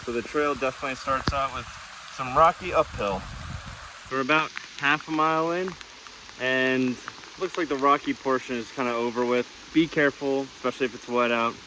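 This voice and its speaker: A man's voice: medium pitch, normal speed, slight background noise, rough recording. Breathless man hiking in the rain. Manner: relaxed, practical, self-deprecating. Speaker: hiking vlogger. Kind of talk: casual trail commentary. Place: outdoors on a rainy mountain trail. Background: light rain.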